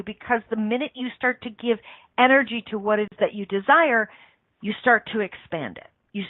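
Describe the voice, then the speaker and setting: A woman's voice: medium pitch, no room sound. A woman hosting a motivational radio show, talking earnestly in a coaching manner and repeating phrases for emphasis. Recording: dry, tinny phone-line sound.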